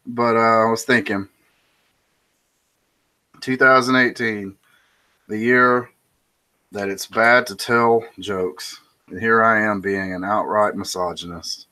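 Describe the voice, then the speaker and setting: A man with a fairly low voice hosts a relaxed monologue. He rambles through a joke with restarts and asides about his own delivery. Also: slow, pauses often. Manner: rambling, with restarts and self-commentary. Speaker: host. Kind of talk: casual monologue telling a joke.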